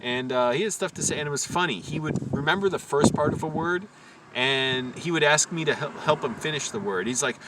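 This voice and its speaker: A man's voice: on the high side, a little fast. Rambling storyteller man, far from a noisy mic. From Virginia. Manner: rambling, self-correcting, amused. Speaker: vlogger telling a story. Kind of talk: casual storytelling. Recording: distant mic with loud background noise.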